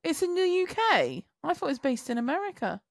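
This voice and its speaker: Lively, gravelly-voiced teasing woman. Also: very high-pitched, fairly quick, dry recording, clean studio sound. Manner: blunt, teasing, swears freely. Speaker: podcast co-host. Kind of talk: casual chat.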